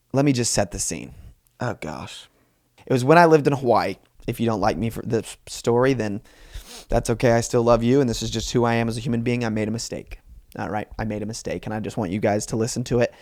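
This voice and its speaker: A young man in his twenties hosts his own comedy podcast and tells a story from his life. He rambles, mocks himself and wanders into asides. His voice sits at an ordinary pitch, recorded close on a dry mic. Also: fairly quick, no echo. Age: 20s. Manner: rambling, self-mocking and animated. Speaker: podcast host.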